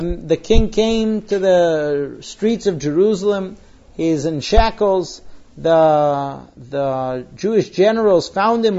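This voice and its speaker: A man reading a religious story aloud while translating it on the fly, halting with pauses and restarts. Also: high-pitched, a little mellow. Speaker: reader translating a religious text. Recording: dull lo-fi recording.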